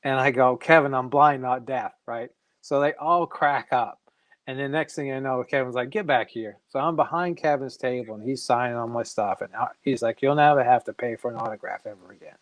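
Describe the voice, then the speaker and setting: Animated storytelling man, dry sound. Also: mid-range voice, a little fast, dry recording. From Massachusetts. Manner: animated storyteller who acts out quoted dialogue. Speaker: guest comic artist. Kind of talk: casual interview storytelling.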